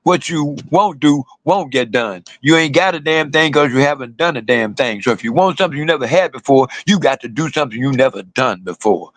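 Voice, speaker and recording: A man's voice: mid-range voice, lively intonation, fast, hardly any pauses, a bit bright, no echo, low-quality recording. An older man, delivering fiery, blunt political commentary as a radio host and repeating slogans for emphasis.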